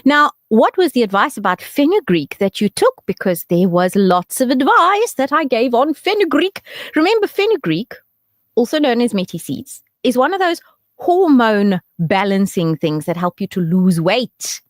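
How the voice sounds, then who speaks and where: A woman's voice: moderate pace, no echo. A woman hosts a radio show, her voice bouncing up and down as she chats and jokes. The sound is dry and close-miked with no room around it. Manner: chatty and joking, with lively swoops in pitch and laughs. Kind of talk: casual radio chat and weather.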